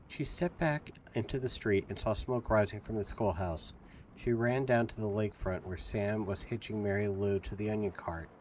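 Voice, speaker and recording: A soft-spoken man reads a novel aloud on his stream, keeping his voice gentle and calm. His voice sits fairly low. A faint hum lies underneath. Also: normal speed. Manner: softly spoken.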